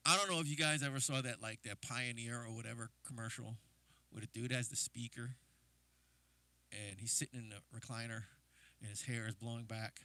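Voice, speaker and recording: Speaking a little fast in a steady, pushed, bright mid-range voice, the same kind of New Jersey drummer rambles through casual stories on his livestream, leaning heavily on fillers.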